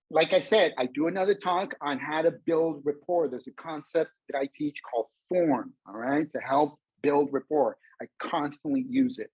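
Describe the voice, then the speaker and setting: A man's voice: fairly high pitch, breathy edge, dry recording, highs cut off. A man presenting a career webinar over a video call, standing up, talking energetically to the audience and acting out bits of dialogue. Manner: energetic, addresses the audience as folks, acts out dialogue; speaks standing up. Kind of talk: motivational webinar talk. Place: indoors, a vacation spot.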